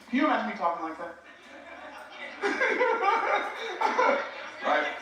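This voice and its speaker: A preacher gives a live teaching talk in a bright, forceful voice, chatting directly with his audience. The sound is very roomy. It is picked up from a distance. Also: very high voice, huge pitch swings, takes it slowly, long pauses. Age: 60s. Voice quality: conversational, addresses the audience directly. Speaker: preacher and speaking coach.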